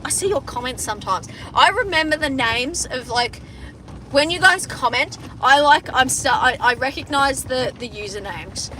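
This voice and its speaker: A woman's voice: sits high, animated, normal speed, sharp tone, a little hiss or hum. Sweary Australian woman chatting from a car. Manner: sweary, rambling, chatty with frequent restarts. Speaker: farmer livestreaming to viewers. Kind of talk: casual livestream chat. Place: inside a car driving around a farm. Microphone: phone front camera.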